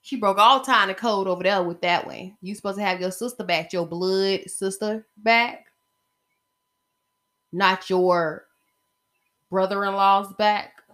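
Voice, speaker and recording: Bright, sassy woman podcast host. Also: medium pitch, steady tone, measured pace, long pauses. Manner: chatty, sassy, talks straight to listeners. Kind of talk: casual gossip commentary.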